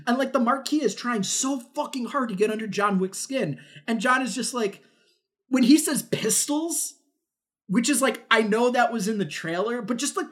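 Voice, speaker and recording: A man reviewing a film on a podcast in casual chat, rambling with lots of "like", swearing and acting out quotes. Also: extremely high pitch. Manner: rambling, full of "like", swears often, acts out quotes.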